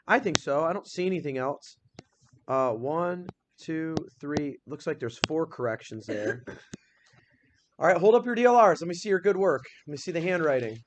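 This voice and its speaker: A slightly high-voiced man teaches a classroom grammar lesson with energy and enthusiasm, a little hiss or hum audible in the background. He keeps asking the class rapid questions and reads example sentences slowly.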